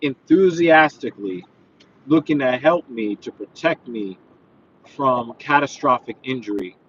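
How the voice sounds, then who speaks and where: A man's voice: medium pitch, lively intonation, a little slow, muffled recording, a little hiss or hum. A man who works as a personal trainer, chatting casually while he drives, earnest and rambling with lots of fillers. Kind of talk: casual driving vlog, talking while he drives. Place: inside a car.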